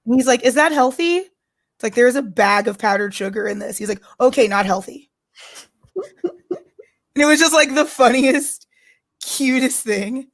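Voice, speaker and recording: A woman's voice: a little high, normal speed, long pauses, dry recording, studio quality. A woman co-hosting a casual chat show, blunt and profane, with a joking, offhand way of talking. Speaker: podcast co-host.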